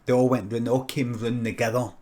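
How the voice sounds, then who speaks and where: Scottish male comic, mid-pitched, deadpan improv storyteller, swears freely, mutters asides. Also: fast. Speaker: comedian streamer.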